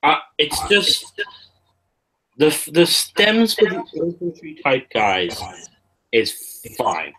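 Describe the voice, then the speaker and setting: A man co-hosting a casual live chat about miniatures, blunt and quick to rant. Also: on the high side, huge pitch swings, pushed and bright, slightly rough, rough recording. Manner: ranting, blunt and sweary. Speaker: co-host.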